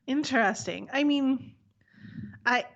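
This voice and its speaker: A woman's voice: sits high, takes it slowly, fairly bright tone, lo-fi sound. A woman co-hosting a podcast, chatting casually with a rambling manner. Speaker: podcast co-host. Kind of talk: casual chat.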